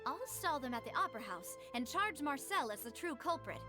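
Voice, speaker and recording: A woman's voice: high voice, very animated, a little fast, bright, forceful tone, exaggerated voice. A woman voicing a confident, upbeat young woman leading an investigation in a video game. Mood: determined. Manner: determined, cheerful. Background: game music.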